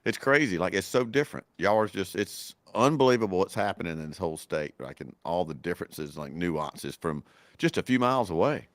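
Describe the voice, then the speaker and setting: A man's voice: low voice, animated, a little fast, dry recording. A man talking in a casual podcast chat, enthusiastic, often repeating himself and filling with "like" and "you know". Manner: enthusiastic, repeats words, many likes and you knows.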